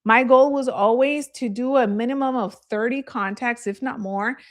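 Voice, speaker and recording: A woman's voice: a little high, moderate pace. A woman real estate agent giving a live training, telling candid stories in a chatty way and laughing easily.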